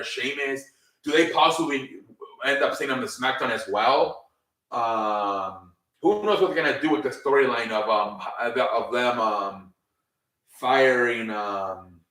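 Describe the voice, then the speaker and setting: A man with a mid-range voice, pushed and bright, recaps a wrestling show on his own, rambling with many "ums" and casual swearing. The recording has an echoey room sound and a distant mic.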